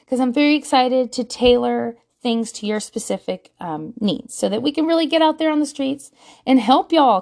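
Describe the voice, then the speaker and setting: A woman's voice: sits high, creaky. A woman in her thirties, chatting casually to camera as a parenting vlogger, self-mocking and laughing often.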